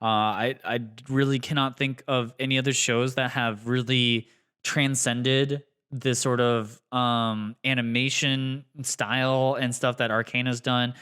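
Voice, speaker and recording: A man's voice: mid-range voice, flat delivery, unhurried, bright, forceful tone, clean tone. A man co-hosting a casual podcast chat on a podcast microphone, thoughtful and hedging with fillers. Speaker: podcast co-host.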